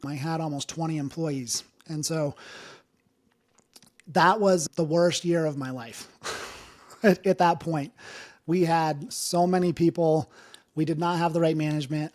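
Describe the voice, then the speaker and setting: A man's voice: on the high side, fairly even intonation, measured pace, a little mellow. A man in his thirties telling his own life story in an interview, earnest and emotional, with many fillers. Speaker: interview guest, business owner. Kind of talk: candid personal storytelling.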